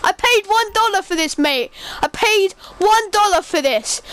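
Very high-pitched, excitable gamer. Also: female voice, moderate pace, hardly any pauses. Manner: excitable, playful, slangy, often laughing. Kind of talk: casual gaming commentary.

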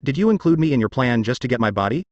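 A man's voice: mid-range voice, big pitch swings, fairly quick, no room sound, lo-fi sound. A man voicing an angry, resentful immortal woman in a fantasy audiobook, speaking coldly and accusingly. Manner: cold and accusing.

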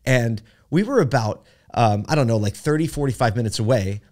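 A man's voice: medium pitch, lively intonation, brisk, darkish tone. A man hosting a podcast, telling a story in a chatty way with many fillers and asides. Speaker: podcast host. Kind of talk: casual storytelling monologue.

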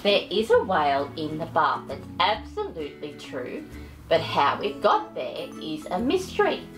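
A woman's voice: fairly low pitch, wildly swooping pitch, measured pace, over music. A woman storyteller reading a picture book aloud, doting and chatty, fussing over her pet between pages. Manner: doting, sing-song and chatty.

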